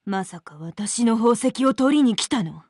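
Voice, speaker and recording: A woman's voice: a little high, expressive, fairly quick, darkish tone, dry recording. A jumpy suspicious jewel-hoarder girl, voice jumping all over, super dry. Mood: defensive. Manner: defensive and flustered.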